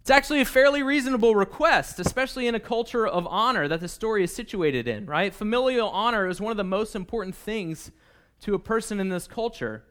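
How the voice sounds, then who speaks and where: Male preacher with a higher voice and a chatty delivery; keeps checking in with the room. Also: expressive, a little fast, a bit bright, smooth. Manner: conversational, with frequent "okay?" and "right?". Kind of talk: sermon.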